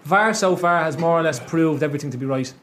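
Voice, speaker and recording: A man's voice: a little high, quick pace, crowd noise. A man hosting a casual football chat show, talking in laid-back banter and steering the discussion. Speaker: podcast host.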